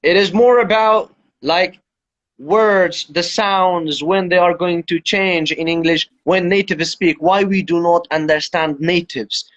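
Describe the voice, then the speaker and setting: A man's voice: sits high, fairly even intonation, slow pace, a bit bright. A man who teaches English explains things step by step as the guest of an Instagram Live chat. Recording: dull lo-fi livestream audio.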